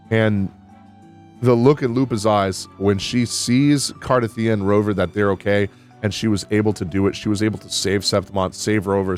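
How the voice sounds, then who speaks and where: A man with a lowish voice talks through a video game update in a loose, casual review. He is candid and excitable and swears freely. Faint music plays underneath. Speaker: gaming YouTuber.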